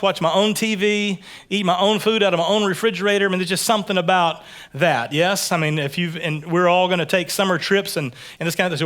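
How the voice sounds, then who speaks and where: A man from Texas preaching a sermon in a relaxed, conversational way, often repeating words as he builds his points. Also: high-pitched. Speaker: pastor. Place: church sanctuary.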